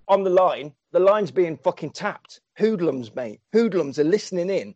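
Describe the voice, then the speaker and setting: A man retelling a story in a casual comic way, excitable, laughing and swearing freely. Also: high-pitched, normal speed, hardly any pauses, lo-fi sound.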